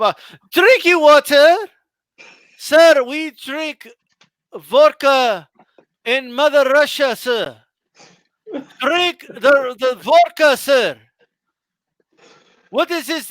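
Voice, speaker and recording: Brief: stiff, repetitive hotel clerk in a mock accent, bright and forceful, put on by a man. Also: very high voice, dry recording, studio quality, full character voice. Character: stern male hotel clerk, stubborn and dismissive.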